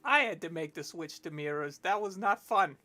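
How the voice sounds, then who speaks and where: A woman's voice: on the low side, animated, moderate pace, pushed and bright. A woman as guest on a casual livestream, trading dry, playful jokes and wordplay. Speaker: stream guest.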